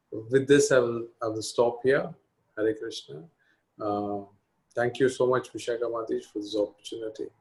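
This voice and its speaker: Man, devotional class teacher, calm, gently explanatory, mid pitch. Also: poor audio.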